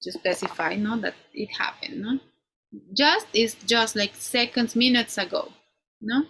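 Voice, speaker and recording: A woman teaching an English grammar class, explaining slowly and ending many points with "no?". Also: on the high side, fairly bright tone, slight background noise, low-quality recording. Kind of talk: online class lecture.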